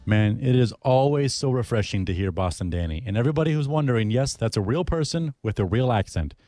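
A man from Florida co-hosting a radio show, chatting with quick, enthusiastic asides. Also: medium pitch, lively intonation, mellow, faint music behind. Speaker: radio co-host. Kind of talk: casual radio chat.

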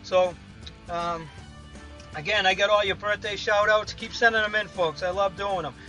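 A man's voice: high-pitched, fairly even intonation, moderate pace, pushed and bright, soft background music, poor audio. A man in his fifties with a Boston accent, calling in to a radio show and chatting in a rambling, friendly way. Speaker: radio caller. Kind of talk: casual call-in chat.

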